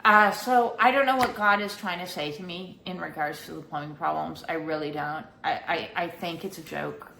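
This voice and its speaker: A middle-aged woman vlogging about her spiritual life, talking in a halting, rambling way with many fillers. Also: low voice, vocal fry, sharp tone, echoey room, slight background noise. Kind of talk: casual personal storytelling.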